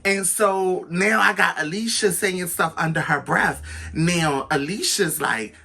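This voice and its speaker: A man tells a personal story to his viewers, slow and unhurried, in a bright, slightly tense voice. He talks casually and with lots of slang, addressing the audience directly and acting out the people in the story. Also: sits high, gravelly, slightly rough. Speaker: storytelling vlogger.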